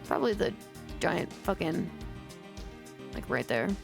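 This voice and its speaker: A woman's voice: on the low side, very animated, a little slow, vocal fry. A woman streamer chatting casually and swearing while playing a game, over game music. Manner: casual, swears freely, laughs. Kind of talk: casual gameplay commentary.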